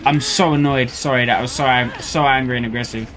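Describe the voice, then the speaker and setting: A man streaming gameplay commentary, ranting in frustration with loud swearing outbursts, game music behind him. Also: medium pitch, fairly even intonation, fairly quick, slight background noise. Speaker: gaming streamer.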